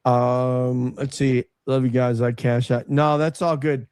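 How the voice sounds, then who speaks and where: A man's voice: medium pitch, level tone, a little slow, a little mellow, clear, resonant tone, no room sound. A man hosting a casual livestream chat, loosely thanking viewers and laughing often. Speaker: livestream host.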